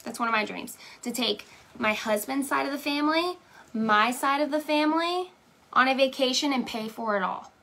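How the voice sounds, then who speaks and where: Young woman, team leader, live-stream pep talk; bright, slightly high voice, emphatic and repetitive. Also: moderate pace. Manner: emphatic, repeats "okay?" and "right?". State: tearing up. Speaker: direct sales team leader.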